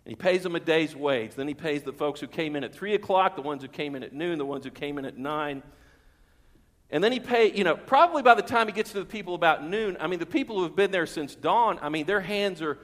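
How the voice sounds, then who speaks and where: A man's voice: fairly high pitch, a little fast, long reverb tail. A man preaching a sermon as pastor in a church, asking the congregation questions and repeating key words for emphasis. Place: church sanctuary.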